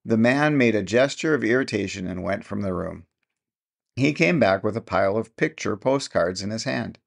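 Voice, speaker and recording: A male narrator reads a classic short story in a measured, unhurried storytelling manner. His voice sits low and has a gravelly, fry-touched texture. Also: animated. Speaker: audiobook narrator. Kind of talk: scripted narration.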